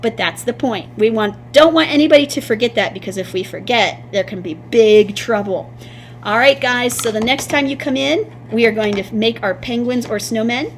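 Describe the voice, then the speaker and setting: A woman's voice: a little high, normal speed, slight background noise. A woman art teacher giving a patient, sing-song classroom lesson to young children.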